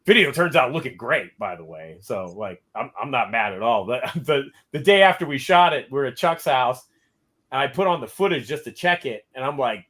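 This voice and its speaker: A man hosting a podcast, telling a story in a casual way and quoting people in lively voices. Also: mid-range voice, moderate pace. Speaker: podcast host.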